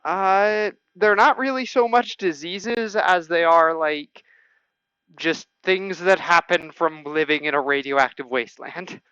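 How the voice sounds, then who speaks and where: A man narrating a tabletop game as game master, halting and full of restarts as he describes scenes. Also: on the high side, pushed and bright, clear, resonant tone, dry recording. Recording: dull, lo-fi stream audio.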